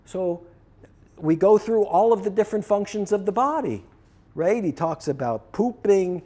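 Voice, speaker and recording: Animated man telling a personal story. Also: high voice, normal speed. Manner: animated, acts out both sides of a dialogue. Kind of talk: storytelling talk.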